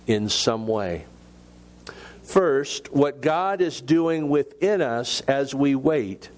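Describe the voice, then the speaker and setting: A male pastor delivering a sermon at an unhurried pace. He speaks in a mid-range voice. He sets his phrases apart with measured pauses. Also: mid-range voice. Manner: slow, deliberate preaching with measured pauses.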